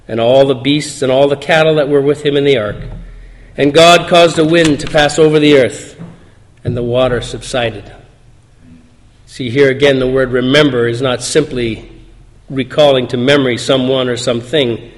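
A man reading scripture aloud and preaching a sermon in a church, in an earnest, measured way. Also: mid-range voice. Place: church sanctuary. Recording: long hall reverb.

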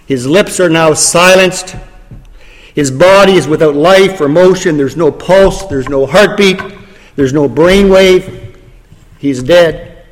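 A man delivers a dramatic sermon in a notably high voice. He slows and drops quiet on key phrases for weight. The sound rings out with a long hall reverb. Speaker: preacher.

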